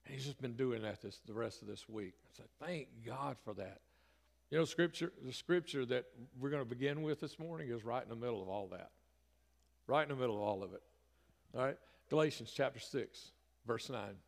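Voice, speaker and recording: A man's voice: medium pitch, fairly quick, creaky. A middle-aged man, a pastor giving a folksy, conversational sermon that swells into emphatic bursts. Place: church sanctuary. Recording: reverberant church hall.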